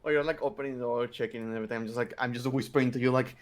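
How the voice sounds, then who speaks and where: A man's voice: medium pitch, fairly even intonation, rapid-fire, hardly any pauses. A man playing in a tabletop game, sarcastic and mocking.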